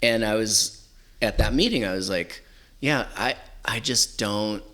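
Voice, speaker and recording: Man from southern california, low voice, rambling storyteller, laid-back. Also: measured pace, bright, forceful tone. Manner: rambling, heavy use of "like" and "you know". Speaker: podcast guest. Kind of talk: casual storytelling.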